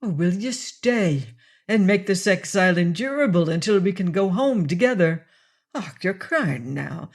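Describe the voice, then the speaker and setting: A woman's voice: on the low side, animated, unhurried. A woman reading an audiobook, voicing an earnest, lovesick pirate captain who pleads. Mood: pleading.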